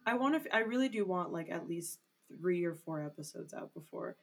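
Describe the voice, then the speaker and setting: Young woman podcast cohost, husky lowish voice, rambles a lot, says like constantly. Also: animated, brisk. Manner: rambling, heavy use of "like" fillers. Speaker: podcast co-host. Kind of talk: casual chat.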